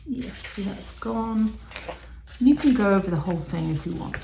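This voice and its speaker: A woman's voice: medium pitch, expressive, moderate pace, creaky, noisy background. A woman giving a casual step-by-step craft demonstration, chatty and thinking aloud with the odd um. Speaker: resin art tutorial maker. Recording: roomy echo.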